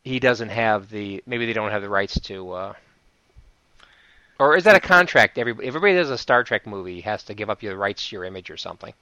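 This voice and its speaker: A man's voice: on the low side, quick pace, few pauses, bright, forceful tone, no room sound, lo-fi sound. A man co-hosting a casual chat, rambling and laughing often, trailing off mid-thought. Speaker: podcast co-host.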